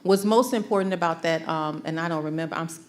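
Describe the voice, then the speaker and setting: A woman school district leader answering questions at a community forum in a measured, explanatory way. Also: low voice.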